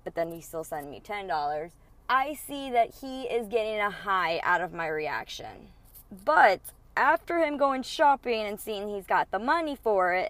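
A woman's voice: medium pitch, no echo. Young woman venting a story, swears a lot, gets fired up, dry close sound. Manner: heated, profane, animated retelling with quoted dialogue. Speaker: podcast host. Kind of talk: casual storytelling monologue.

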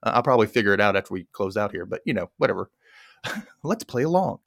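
Animated man hosting a podcast recap. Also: on the low side, fast talker, creaky, dry recording, studio quality. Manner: animated, laughs often, mimics characters in silly voices. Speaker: podcast host. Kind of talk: casual recap chat.

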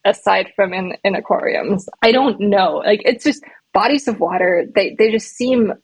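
A woman's voice: medium pitch, moderate pace, breathy edge, dry recording, poor audio. A woman guest in a casual interview, playful and self-mocking, often restarting her sentences.

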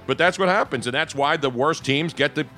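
A man's voice: fairly high pitch, brisk, sharp tone, soft background music. A man hosting a casual sports talk show, joking and rambling between topics.

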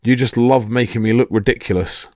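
A man's voice: medium pitch, steady tone, a little fast, mellow, no echo, studio quality, close to an everyday voice. A man voicing a hot-tempered male thunder god who bellows and blusters. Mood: angry.

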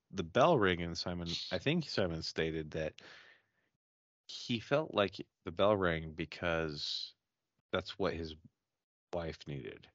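A man with a deep, low voice hosts a casual podcast hangout and tells stories with plenty of swearing. His pitch swings widely as he gets into it. The sound is dry and a little dull, like a lo-fi recording. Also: no room sound. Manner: profane, animated storyteller. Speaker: podcast host. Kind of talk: casual drinking-session chat and storytelling.

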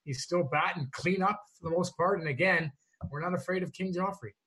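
Rapid-fire man rattling off picks. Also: high-pitched, sharp tone. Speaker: co-host analyst. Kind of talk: fantasy baseball strategy chat.

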